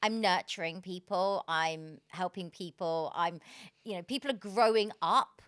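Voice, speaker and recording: Woman on a podcast, animated storyteller, laughs a lot, bright voice, dry close sound. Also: on the low side, a little slow, clean tone, dry recording. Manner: animated and expressive, laughs often. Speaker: podcast guest. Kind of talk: casual conversational storytelling.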